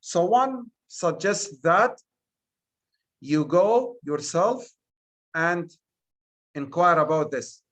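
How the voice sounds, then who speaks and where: Very slow, deliberate male teacher. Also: fairly high pitch, animated, a bit bright. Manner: slow, deliberate, stresses single words. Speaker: English teacher. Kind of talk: exam revision lesson.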